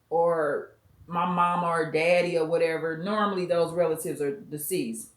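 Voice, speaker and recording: A woman's voice: fairly low pitch, moderate pace. A woman hosting a vlog, commenting bluntly and emphatically on a clip, with some profanity. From US West Coast. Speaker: commentary channel host. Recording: roomy echo.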